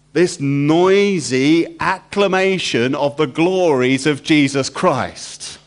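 A man preaching a sermon, emphatic and repetitive, throwing rhetorical questions to the congregation. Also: on the high side.

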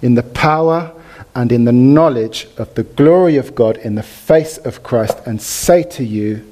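In church, a man preaches an animated sermon, guiding the congregation through reading and response in a medium-pitched voice at a slightly slow pace.

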